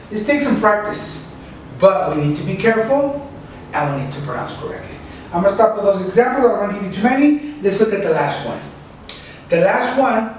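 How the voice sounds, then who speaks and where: Male teacher drilling plurals at a slow pace, recorded from a distance in a very echoey classroom. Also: high voice, a little mellow, a little hiss or hum. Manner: slow, careful, repeats words for drilling. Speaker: English teacher. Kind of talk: classroom pronunciation lesson. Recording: echoey room, mic at a distance.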